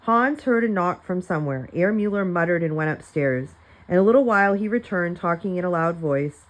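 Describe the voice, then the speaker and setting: A woman's voice: on the low side, lively intonation, fairly quick, low-quality recording. A woman reading a chapter of a children's novel aloud for students, with light character voices and a few small slips.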